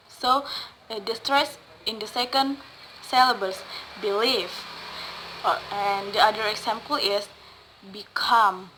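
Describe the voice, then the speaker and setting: Woman english speaker teaching word stress, slow and hesitant, bit of background hiss. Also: a little high, bright, forceful tone, low-quality recording. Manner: hesitant, with fillers and self-corrections; repeats example words slowly, stressing syllables.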